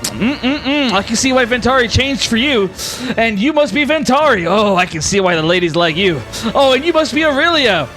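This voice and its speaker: A man's voice: very high-pitched, expressive, normal speed, fairly bright tone, faint music behind, pitched above the performer's own voice. A man voicing a flamboyant, playful male god of fate who teases and draws out his welcomes in a sing-song way. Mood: teasing.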